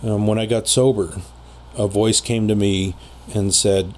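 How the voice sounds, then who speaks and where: A man telling a personal story in casual conversation as a podcast guest, rambling with many pauses and fillers. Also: lowish voice, fairly even intonation, slight background noise.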